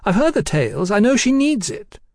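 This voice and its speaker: A man putting on a coaxing high-strung Englishwoman. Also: lively intonation, moderate pace, darkish tone, no echo, studio quality. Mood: pleading. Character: flighty forward Englishwoman living in France.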